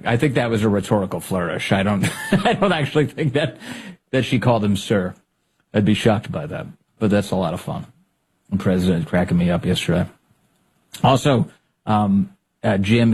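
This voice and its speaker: A man hosting a podcast, giving casual political commentary in a sarcastic, animated way with frequent laughter. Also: breathy edge. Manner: sarcastic, laughs often, animated pitch jumps. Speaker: podcast host.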